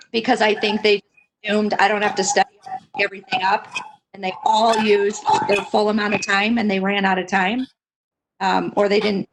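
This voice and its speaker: A woman's voice: mid-range voice, slight background noise, rough recording. A woman teacher on a video call, explaining her view in a thoughtful, run-on way. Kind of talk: casual meeting talk.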